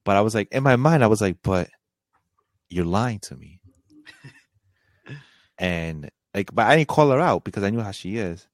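A man's voice: fairly low pitch, animated, normal speed, pauses often, no echo. Laid-back young man telling a story. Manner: laid-back, slangy storytelling, acting out both sides of a conversation. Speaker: podcast co-host. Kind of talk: casual storytelling chat.

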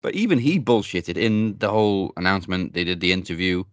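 A man's voice: low voice, animated, brisk, no room sound. A man co-hosting a podcast, chatting in a laid-back way and swearing casually. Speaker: podcast co-host. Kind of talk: casual chat.

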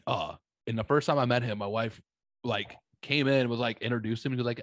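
A man's voice: mid-range voice, fairly quick, no room sound. Profane, rambling man telling stories. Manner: profane, rambling, animated anecdotes. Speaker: podcast guest. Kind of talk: casual storytelling.

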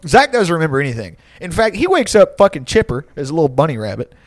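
A man's voice: on the high side, sing-song, quick pace, dry recording, clean studio sound. A man in his late twenties telling a rambling, profane story in casual chat, often breaking into laughter.

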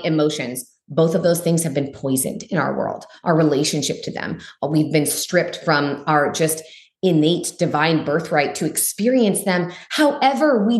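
A woman guest on a podcast, talking bluntly and emphatically, swearing freely and saying "like" a lot. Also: reverberant. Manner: frank and blunt, swears freely, uses lots of "like"; emphatic, voice jumps high for stress. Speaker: guest, spiritual teacher. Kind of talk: candid podcast conversation.

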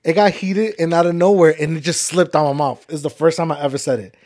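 A man's voice: fairly high pitch, steady tone, quick pace, darkish tone. A man co-hosting a podcast with his partner, laughing often and talking in loose slang. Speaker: podcast co-host. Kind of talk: casual couple chat.

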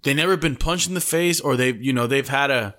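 A young man holds the mic on a casual podcast, his voice sitting at an ordinary middle pitch. He rambles through stories full of swearing and "bro", and slips Spanish slang into his English. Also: brisk, fairly bright tone. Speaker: podcast co-host. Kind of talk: casual chat.

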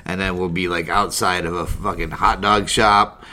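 Jokey man with a bright, forceful voice. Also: deep voice, steady tone, moderate pace. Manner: jokey, goofy, riffing. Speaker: podcast co-host. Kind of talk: casual chat.

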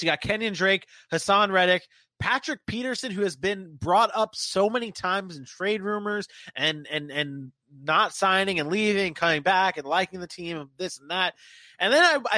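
A man hosting a casual sports podcast, animated and joking as he leads the talk. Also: sits high, no room sound. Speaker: podcast host.

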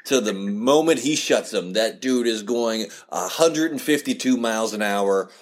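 A man's voice: lowish voice, expressive, measured pace. A man hosting a podcast in casual chat, laid-back, with stammered restarts and laughter as he tells stories. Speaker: podcast host.

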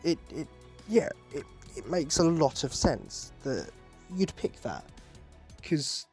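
A young man hosting a podcast, rambling in a casual monologue, excitable and sweary with self-mocking jokes. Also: fairly high pitch, takes it slowly, soft background music. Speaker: podcast host.

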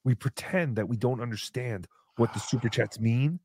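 A man hosting a casual live show, excitably chatting and reading out viewer messages. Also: mid-range voice, moderate pace, husky, no room sound, clean studio sound. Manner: excitable, reads out paid messages. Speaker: show host.

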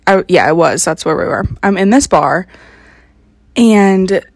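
A woman in her early twenties hosting a podcast. She tells a story in a chatty, excitable way and fills her talk with lots of "like". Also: on the low side, measured pace, no room sound, studio quality. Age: early 20s. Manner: chatty, filler-heavy, excitable. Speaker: podcast host. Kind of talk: casual storytelling recap.

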